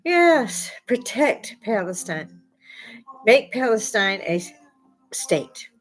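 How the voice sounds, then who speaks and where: A woman's voice: on the high side, very animated, slow pace, poor audio. Riled-up woman in her sixties ranting. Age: 60s. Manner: blunt, profane, riled up, with rising outbursts. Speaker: vlogger. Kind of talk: ranting opinion monologue.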